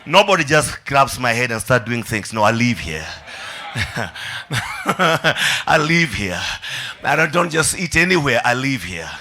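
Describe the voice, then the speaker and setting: A male pastor preaching an energetic sermon in a church, calling on the congregation to repeat after him and often shouting. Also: mid-range voice, unhurried, long pauses.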